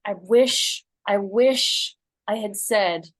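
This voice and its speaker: A woman's voice: medium pitch, drawn-out words, no echo. A woman from Northern California, a guest in a casual conversation, telling earnest, rambling personal stories.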